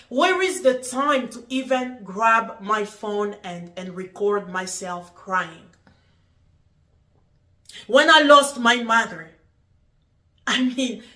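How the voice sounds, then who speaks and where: A woman in middle age records a casual talk to camera. Her voice sits a touch high and sounds bright and clear. She talks earnestly and repeats herself while she puzzles things out. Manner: earnest, repetitive, puzzled questioning. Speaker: vlogger. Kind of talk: casual talking-to-camera vlog.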